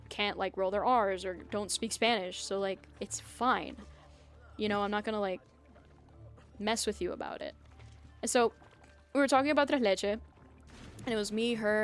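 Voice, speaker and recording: A woman's voice: mid-range voice, fairly bright tone. Casual venting young woman streamer. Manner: venting, swears often, many "like" fillers. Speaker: gaming streamer. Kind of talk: casual chat while playing.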